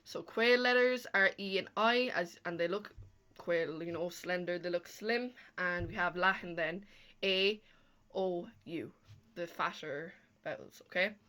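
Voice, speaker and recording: A woman's voice: on the low side, a little slow, sharp tone. A woman teacher recording a lesson over slides, explaining each step and checking in with "okay?" after most points. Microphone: talking over slides.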